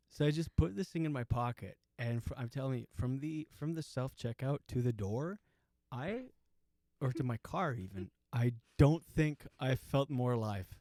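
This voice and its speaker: A man's voice: medium pitch, animated, measured pace, dark tone, dry recording, clean studio sound. Rambling self-mocking man in his forties. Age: 40s. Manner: rambling, self-mocking, full of restarts and asides. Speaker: comedian host. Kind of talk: comedic storytelling monologue.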